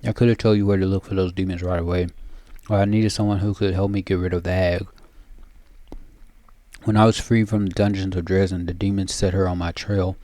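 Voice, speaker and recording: A guilt-ridden young demoness, earnest and pleading, read by a man playing through a video game. The tone is deep and warm, and the sound is dry and close. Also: flat delivery, a little fast, no echo, lightly acted. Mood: desperate. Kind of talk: reading game dialogue aloud.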